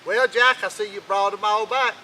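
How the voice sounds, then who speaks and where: Man putting on a loud stingy old king. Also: fairly even intonation, normal speed, slight background noise, low-quality recording. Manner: loud, barking, high-pitched.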